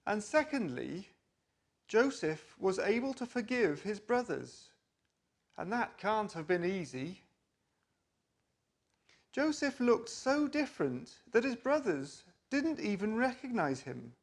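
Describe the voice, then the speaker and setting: A children's church leader giving a gentle reflection on a story and leading a prayer. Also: medium pitch, big pitch swings. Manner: slow, gentle, deliberate.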